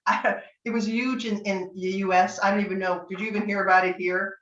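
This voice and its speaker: A woman's voice: medium pitch, little pitch movement, fairly quick, a bit bright. An older woman from Northern California teaching tarot in a chatty, anecdotal way, acting out bits of dialogue. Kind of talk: online master class talk. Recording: echoey, distant, dull lo-fi sound.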